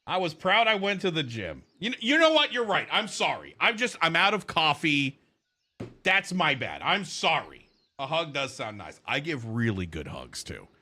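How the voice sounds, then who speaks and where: Animated, foul-mouthed male streamer. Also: a little high, moderate pace. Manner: profane, rambling, animated. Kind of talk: casual livestream chat while gaming.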